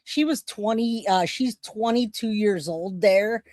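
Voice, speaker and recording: A woman's voice: mid-range voice, measured pace, darkish tone, no echo. A woman giving blunt, scornful casual commentary over a video she is reacting to.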